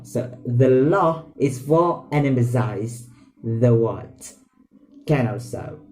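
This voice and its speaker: A man with an Indonesian accent, a native Indonesian speaker, giving a casual language lesson in slow, halting explanations with example phrases. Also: mid-range voice, mellow. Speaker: language teacher.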